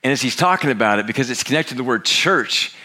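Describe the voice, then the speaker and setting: A man's voice: medium pitch, fast talker. A middle-aged man preaching a sermon as a pastor, telling a story and acting out the voices of the people in it. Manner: storytelling, animated, acts out quoted characters. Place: church auditorium.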